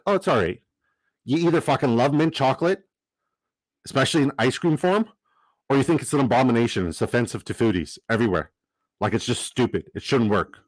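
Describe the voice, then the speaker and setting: A young man hosting a livestream in casual chat, profane, excitable and given to rambling asides. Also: mid-range voice, no echo. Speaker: livestream host.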